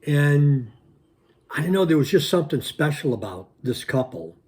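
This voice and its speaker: A channel host with a voice on the high side shares a personal story with his audience at a moderate pace. The telling is lively and repetitive, peppered with punchy sound words.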